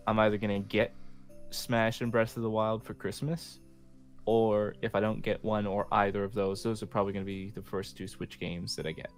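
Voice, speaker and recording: Male podcast co-host, relaxed and lowish, keeps the chat on track, faint music behind. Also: fairly quick. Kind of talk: casual chat.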